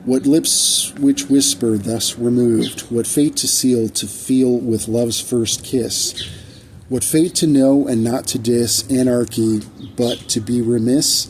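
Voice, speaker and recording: Male poet, mellow low-toned voice, slow archaic verse recitation, faint traffic hum behind. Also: fairly even intonation, rough recording. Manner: measured recitation in archaic diction, with restarts. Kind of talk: reading his own rhyming poetry aloud.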